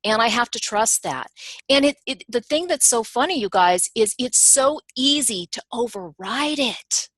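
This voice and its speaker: A woman's voice: on the high side, unhurried, no room sound. A woman teacher giving an informal webinar lesson, speaking in a punchy, emphatic way and chatting directly to her listeners. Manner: chatty and animated, addressing listeners as "you guys". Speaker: teacher and professional analyst.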